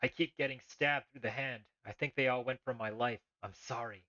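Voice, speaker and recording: A man's voice: mid-range voice, fairly even intonation, a little fast, bright, forceful tone, no room sound, muffled recording, voice pushed up, lightly acted. Wounded apologetic man, read by a streamer. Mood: pained.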